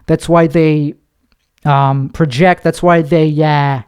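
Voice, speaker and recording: A young comedian hosting a podcast talks slowly in a smooth, slightly high voice with a darkish tone and fairly even intonation. His confessional monologue rambles, profane and self-mocking, with occasional put-on voices.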